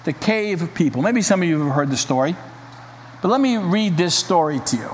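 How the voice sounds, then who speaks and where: A man's voice: fairly high pitch, lively intonation, brisk. A man preaching a sermon and reading a story aloud, in an earnest, emphatic manner. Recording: reverberant hall, faint hiss.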